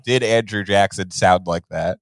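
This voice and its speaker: A man co-hosting a comedy podcast, dropping deadpan asides. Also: low voice, moderate pace, no echo, clean studio sound. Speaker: podcast co-host. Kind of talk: casual comedic chat.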